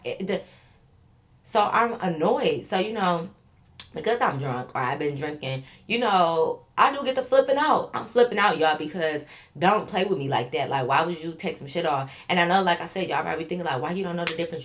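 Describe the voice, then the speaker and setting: Woman doing a storytime vlog, kinda low voice, talks to y'all, acts out everybody, swears a lot. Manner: animated, acts out both sides of the story; profane, addresses viewers as y'all. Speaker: vlogger.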